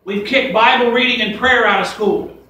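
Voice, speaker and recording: A man's voice: extremely high pitch, steady tone, normal speed, pushed and bright. A man preaching a fiery sermon to his congregation, folksy and emphatic, quoting scripture in a church sanctuary. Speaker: pastor. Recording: echoey church from a distance.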